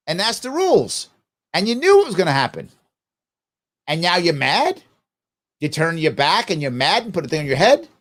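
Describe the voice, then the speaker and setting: A middle-aged man hosting a live political commentary show, arguing his point with lots of rhetorical questions. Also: high voice. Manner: animated, argumentative, peppered with rhetorical questions; acts out quoted voices mid-rant. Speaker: host.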